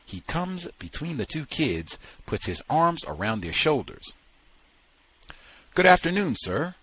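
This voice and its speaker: A man reading a novel aloud at a book study session in a slow, dramatic storytelling manner. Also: on the high side, very animated, vocal fry, sharp tone, breathy edge, rough recording.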